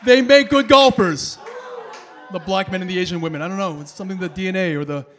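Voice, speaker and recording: A man in his thirties performs a stand-up comedy set on stage before a laughing audience, telling stories in an animated way and acting out voices. His voice sits high, and he talks very fast.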